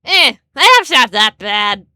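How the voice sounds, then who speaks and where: A woman's voice: on the high side, very animated, slow, bright, forceful tone, smooth, no room sound. A woman streamer chatting casually, rambling and stammering with frequent laughs. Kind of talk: casual live-stream chat.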